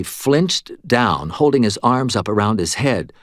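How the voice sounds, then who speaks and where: Casting: male audiobook narrator, low voice, very expressive, dry close sound. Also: unhurried, few pauses, no room sound. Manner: wry, conversational storytelling. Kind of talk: first-person novel narration.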